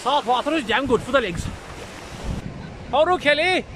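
An actor playing a blunt, grumbling older man at the beach, gruff and teasing. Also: very high voice, expressive, moderate pace. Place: outdoors at a windy beach. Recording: wind and waves noise. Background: wind and surf.

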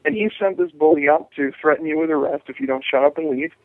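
A man with a slightly high voice speaks on a tinny, dry phone line. He is an activist being interviewed. He talks in a lively way, restarts phrases and acts out what other people say. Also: fast, dry recording. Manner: animated, acts out quoted voices, many restarts. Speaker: jury rights activist, guest.

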